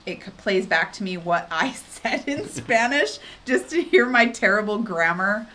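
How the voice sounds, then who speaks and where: A woman co-hosting a casual livestream, chatting and telling stories in an animated way. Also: mid-range voice, measured pace. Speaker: livestream co-host.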